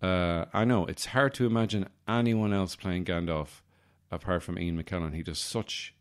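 A man's voice: deep voice, steady tone, normal speed, smooth. A man hosting a comedy podcast, talking in a wry, self-deprecating, digressive monologue. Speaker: podcast host.

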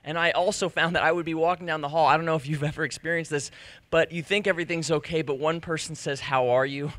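A man in his thirties telling a personal story to a live audience, animated and self-deprecating, acting out the conversations he recounts. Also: on the high side, fast, no echo. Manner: animated, self-deprecating, acts out quoted exchanges. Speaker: speaker giving a personal talk. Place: stage before an audience.

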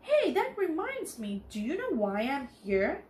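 A woman's voice: high voice, huge pitch swings, measured pace, a little mellow, roomy sound, pitched above the performer's own voice, heavily acted. A woman reading aloud, voicing a teasing, smug male mouse who plays pranks on his cousin in a children's storybook.

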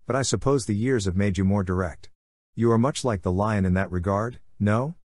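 Guy reading as a smug sarcastic warlord, low voice, dry close sound, mocking then snapping. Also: normal speed, a little mellow, no echo, lightly acted. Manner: smooth, sarcastic, flares into fury. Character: scheming silver-tongued male warlord, mocking and bitter. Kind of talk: audiobook character voice.

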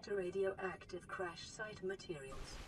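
A synthetic voice playing a game suit's computer, giving flat, measured announcements over clear background hiss. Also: mid-range voice, lightly acted. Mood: calm. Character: calm computer voice of a game suit.

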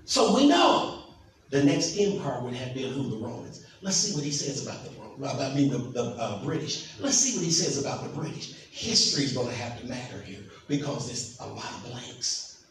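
A pastor preaching a sermon, emphatic and asking the congregation questions. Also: male voice, mid-range voice, animated, moderate pace. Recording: echoey hall from far off, faint noise.

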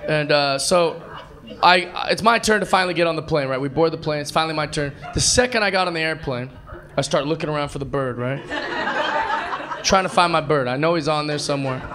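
A man with a high voice tells a story on a comedy club stage, excitable and quick to act out the people in it. Loud crowd laughter rolls in behind him throughout. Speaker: stand-up comedian. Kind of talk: live stand-up storytelling. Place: comedy club stage before a live audience.

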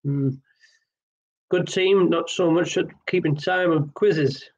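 A man's voice: on the high side, fairly even intonation, slow pace, muffled recording. A man hosting an online pub quiz, chatty and jokey with rambling asides. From Wales.

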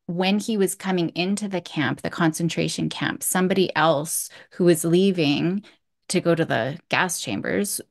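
A woman's voice: on the low side, normal speed, creaky. A woman hosting a podcast interview, talking in a reflective, explaining way. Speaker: podcast host. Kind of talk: casual interview chat.

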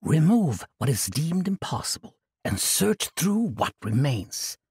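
A man's voice: fairly high pitch, very animated, measured pace, darkish tone, husky, dry recording, clean studio sound, exaggerated voice. A man voicing an eccentric, childlike old monk who speaks grandly and playfully in an audiobook. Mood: whimsical. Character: eccentric ancient male monk, childlike and mischievous.

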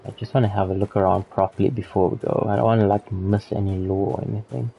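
A man's voice: fairly low pitch, steady tone, quick pace, gravelly, highs cut off, faint music behind. A man streaming a video game, reacting casually, swearing now and then, and reading in-game text aloud. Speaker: gaming streamer. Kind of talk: let's play commentary.

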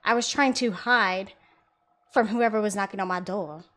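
A young woman streaming a horror game, chatting with her viewers and reacting loudly. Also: medium pitch, moderate pace. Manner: chatty, loud reactions, talks to chat. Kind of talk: live horror game commentary.

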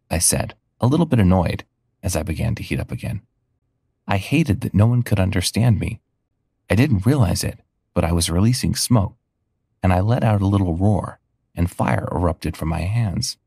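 A man narrating a first-person story in a steady, earnest reading. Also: sits low, moderate pace, creaky, slightly rough, no room sound, studio quality.

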